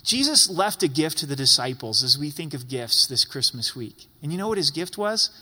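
This man's voice is a little high and sing-song, moving at a moderate pace with a sharp edge as he preaches as a pastor. Emphatic and fond of repeating phrases for effect, he speaks in a church sanctuary whose large hall gives the recording long reverb.

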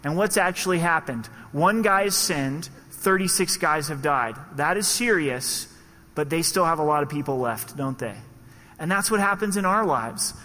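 A man's voice: fairly high pitch, lively intonation, normal speed, bright, forceful tone, long reverb tail. A man preaching a sermon in a conversational way, acting out the voices he quotes. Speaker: pastor.

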